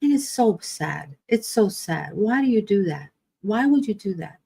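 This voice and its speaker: A woman's voice: mid-range voice, sing-song, a little slow, gravelly, warm tone, breathy edge. A woman in her fifties hosting a podcast, talking casually about grief in a rambling, emphatic way full of rhetorical questions. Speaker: podcast host.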